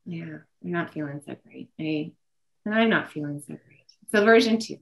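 A woman's voice: low-pitched, moderate pace, creaky, low-quality recording. A woman presenting an online parenting workshop, telling a story from her own family and acting out what she says to her children.

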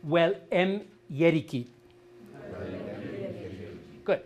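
A man's voice: on the high side, slight background noise. Patient older man teaching a class. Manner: patient, corrects pronunciation, slow careful drills. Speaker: language teacher. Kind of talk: outdoor language class. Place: outdoor meadow gathering.

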